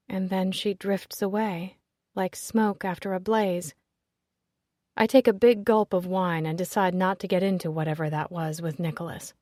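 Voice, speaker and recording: A woman narrating a first-person romance audiobook in an expressive storytelling voice. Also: on the low side, moderate pace, dry recording, studio quality.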